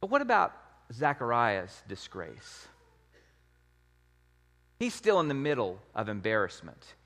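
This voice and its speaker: A man's voice: mid-range voice, fairly bright tone, big-room sound. A man preaching a sermon as pastor, in a conversational, emphatic way with many rhetorical questions.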